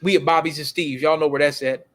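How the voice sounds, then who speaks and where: A man's voice: a little high, fairly even intonation, fast. A man telling stories in a casual, emphatic rant, full of street slang and repeated words. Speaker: video commentator.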